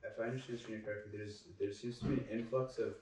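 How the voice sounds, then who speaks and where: A man's voice: lowish voice, steady tone, very fast, darkish tone, distant mic, a little hiss or hum. A man in a class asking a long, winding question with hesitations, heard off-mic in a roomy space. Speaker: class participant.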